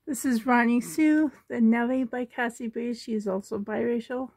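A woman chatting casually in her home bedroom, soft-spoken and doting, often dropping into a whisper, filming on a handheld camera. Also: on the high side, fairly even intonation, normal speed, no echo. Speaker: doll collector vlogger. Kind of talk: casual show-and-tell chat.

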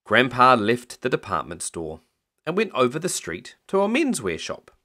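A man reading a picture book aloud as a bedtime story, in an expressive storytelling manner. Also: medium pitch, moderate pace.

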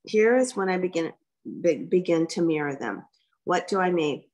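A woman's voice: fairly low pitch, normal speed. A woman giving a direct, folksy workshop talk as guest speaker. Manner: lively, direct, folksy coaching. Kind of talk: workshop presentation.

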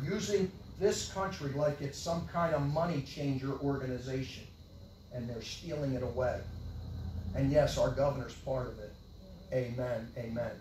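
An older man preaching a sermon with great passion, swinging from loud yelling to low mutters. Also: a little hiss or hum. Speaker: pastor. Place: church hall. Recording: echoey church hall, from far off.

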